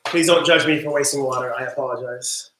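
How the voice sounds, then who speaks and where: A woman co-hosting a casual cooking livestream while washing dishes in a home kitchen, chatty and quick to laugh. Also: very deep voice. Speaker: co-host. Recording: echoey kitchen, faint noise.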